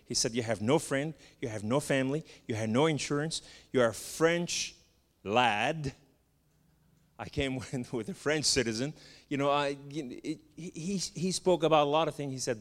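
A man from the Middle East giving a spoken testimony, telling his story with animated, emphatic lists. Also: mid-range voice, normal speed. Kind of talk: testimony sermon. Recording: long hall reverb.

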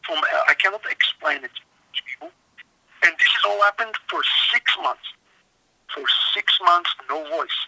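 A man's voice: sits high, unhurried, vocal fry, pushed and bright. A man with a slightly scratchy voice, earnestly telling his story as an author interviewed on a show, stumbling and restarting as he goes. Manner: earnest, emphatic, with repeated restarts. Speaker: author and guest.

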